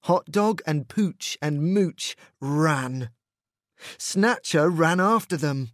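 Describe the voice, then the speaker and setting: Male storyteller for a picture book: slow, sing-song, very animated. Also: fairly high pitch, no room sound, clean studio sound. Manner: expressive, sing-song reading. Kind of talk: storybook read-aloud.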